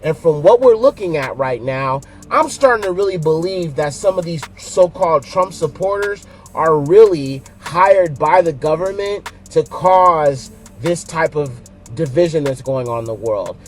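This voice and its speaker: A man's voice: on the high side, measured pace, soft background music. Emphatic man hosting a commentary channel. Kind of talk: casual commentary to camera.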